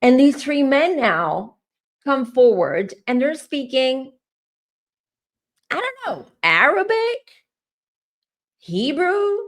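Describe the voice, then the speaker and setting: A woman's voice: sits high, big pitch swings, takes it slowly, long pauses. A woman psychic tarot reader telling viewers about a vision in a chatty, casual way, speaking straight to her audience. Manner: chatty, addresses viewers directly. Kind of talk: casual storytelling to camera.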